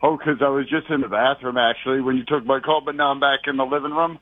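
A man's voice: mid-range voice, fairly even intonation, fast, dry recording. Rambling male caller on a tinny phone line. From Boston area. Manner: rambling, scattered storytelling. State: out of breath. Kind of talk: rambling call-in.

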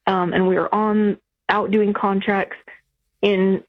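Lady calling in over the phone, earnest, long explanations, husky tinny line. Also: mid-range voice, little pitch movement, slow. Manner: earnest, explains at length with restarts. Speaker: caller. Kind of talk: phone-in conversation. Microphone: telephone.

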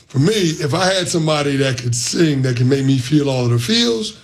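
A man's voice: fairly high pitch, animated, brisk. A man co-hosting a sports radio show, joking and laughing in playful banter.

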